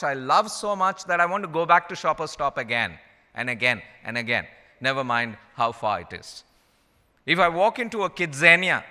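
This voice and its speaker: Animated Indian man in a reverberant hall. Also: fairly high pitch. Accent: Indian English. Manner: animated, repeats phrases for emphasis. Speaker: conference speaker. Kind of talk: storytelling keynote talk.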